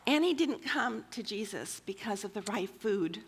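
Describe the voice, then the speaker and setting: Woman speaker sharing stories at a church gathering, chatty and fill-word heavy, mid-pitched with vocal fry. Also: lively intonation, normal speed. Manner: chatty, with frequent fillers. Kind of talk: personal storytelling talk.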